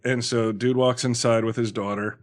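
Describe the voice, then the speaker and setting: A man's voice: mid-range voice, flat delivery, moderate pace. A man co-hosting a podcast in casual chat, laughing a lot and mocking comic dialogue in put-on voices. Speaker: podcast co-host.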